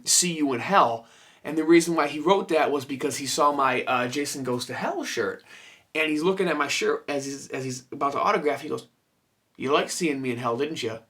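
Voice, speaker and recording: A man vlogging about his horror collectibles, telling stories casually, with lots of swearing and quoted back-and-forth. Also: medium pitch. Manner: animated, swears freely, lots of fillers and quoted dialogue. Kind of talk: casual storytelling to camera. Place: room full of his collection.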